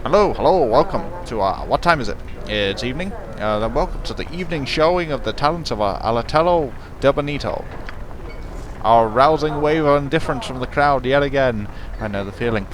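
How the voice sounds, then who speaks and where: A man's voice: mid-range voice, expressive, fairly quick, slight background noise, natural voice. A man voicing a theatrical, self-pitying male bard from a fantasy game.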